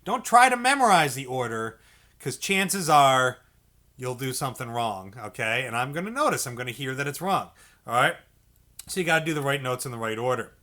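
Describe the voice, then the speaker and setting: A music teacher gives a beginner clarinet lesson in an instructional video, speaking fairly quickly in a medium-pitched, sing-song voice with a sharp tone. He's patient and encouraging, checking in with "okay" and "all right" and singing note syllables to demonstrate.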